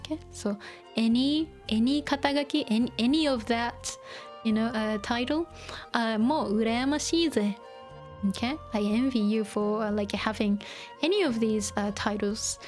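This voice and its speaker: A woman's voice: a little high, moderate pace, a little mellow, faint music behind. A woman teaching a language while streaming a video game, thinking aloud and explaining step by step with lots of fillers. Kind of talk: live-streamed gaming lesson.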